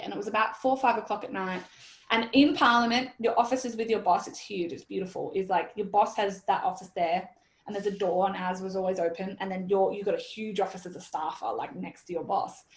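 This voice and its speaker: An Australian woman in her thirties telling a story in an interview, animated and blunt, quoting herself and swearing freely. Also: mid-range voice, fairly quick. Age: 30s. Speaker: guest. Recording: roomy echoey sound.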